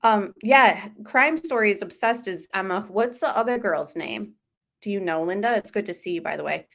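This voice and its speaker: A woman's voice: mid-range voice, lively intonation, normal speed, gravelly. A woman talks through a replayed call-in show in a loose, chatty way. She reacts to her live chat as she goes, in an ordinary mid-range voice. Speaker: true crime channel host. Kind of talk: commentary over a replayed call-in stream.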